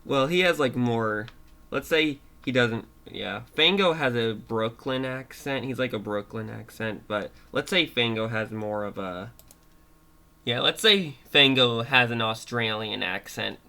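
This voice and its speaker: A young man retelling a made-up story off the cuff, halting and giggly, with many restarts. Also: medium pitch, gravelly, bright, forceful tone, clean tone.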